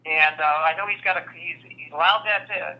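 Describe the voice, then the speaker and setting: A man's voice: on the high side, steady tone, fairly quick, pushed and bright, low-quality recording. A man hosting a radio talk show, playful and fond of putting on silly voices. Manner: playful, does camp voices. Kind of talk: radio host banter.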